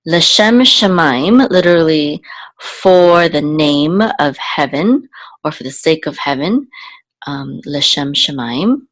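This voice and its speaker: Woman, low voice, unhurried teacher, patient, repeats words, dry close sound. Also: lively intonation, dry recording. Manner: patient, repeats words slowly, frequent okays and ums. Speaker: Hebrew teacher. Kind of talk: slow spoken lesson, spelling out letters and vowels.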